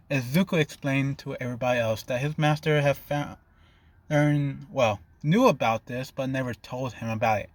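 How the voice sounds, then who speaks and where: A man's voice: medium pitch, fairly even intonation, moderate pace, no echo. A man narrating an improvised fan fiction story in a loose, rambling way, often stopping to rephrase.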